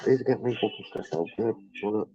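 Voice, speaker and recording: A man in a casual vlog, loud and chatty and swearing freely while he waits on hold. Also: on the low side, fast, no echo. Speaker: vlogger. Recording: slightly dull recording with faint music.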